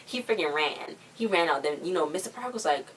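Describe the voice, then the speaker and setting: Woman, deep-ish voice, casual slangy show recap, mic set back from her. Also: expressive, brisk, recorded from a distance, slight background noise. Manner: chatty, slangy, acts out quotes.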